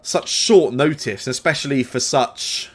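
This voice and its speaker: A man doing a smooth, aging royal advisor. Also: mid-range voice, measured pace, natural voice. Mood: falsely welcoming. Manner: formal, courtly phrasing. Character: aging silver-haired male royal advisor, smooth and falsely welcoming.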